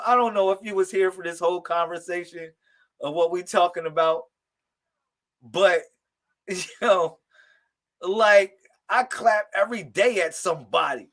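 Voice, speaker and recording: High, bright-voiced man, slow and slangy. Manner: loud, slangy and laughing, calls out to viewers. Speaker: livestream host giving psychic readings. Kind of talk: casual live-stream chat with viewers.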